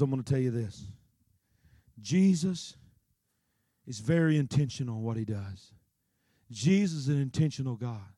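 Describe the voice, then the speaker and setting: Animated preacher, high voice. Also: male voice, dry recording, clean studio sound. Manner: animated, emphatic, swinging between loud peaks and quiet asides. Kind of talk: sermon.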